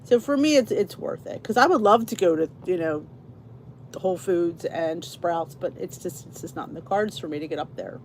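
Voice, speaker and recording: A middle-aged woman from New Jersey hosts a laid-back livestream chat, welcoming viewers and reading their comments out loud. Her voice is lowish and somewhat dark, moving at a normal speed over a slight hiss or hum.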